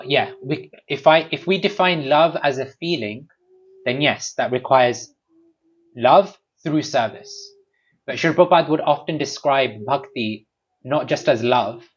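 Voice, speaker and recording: A man giving a devotional talk at a home gathering, animated and lively, sometimes acting out small scenes. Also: mid-range voice, unhurried, breathy edge. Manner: animated, acts out little scenes with raised voice. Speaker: speaker at a home program. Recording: dull lo-fi recording.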